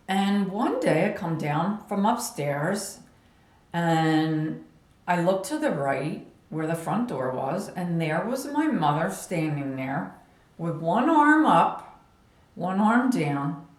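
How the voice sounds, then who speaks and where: A woman vlogger recounts a personal story at an unhurried pace, her voice rising and falling a lot as she meanders and chuckles. Her fairly low voice sits in a roomy, echoing space. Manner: slow, meandering, laughs while telling.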